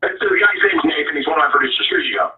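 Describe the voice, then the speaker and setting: A radio host calling in as a guest, ranting bluntly and stammering in a heated talk radio style. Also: male voice, a little high, rapid-fire, roomy sound, recorded from a distance, phone-quality sound.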